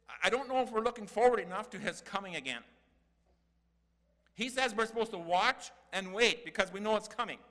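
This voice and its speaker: A man's voice: sits high, pushed and bright. An older man preaching a sermon in a church hall, earnest and folksy, building to emphatic peaks.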